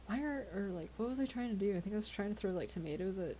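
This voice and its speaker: A woman's voice: medium pitch, very fast, mellow, a little hiss or hum. A tired woman chatting casually with her viewers on a live stream, giggly and often tripping over her words. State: tired, yawning.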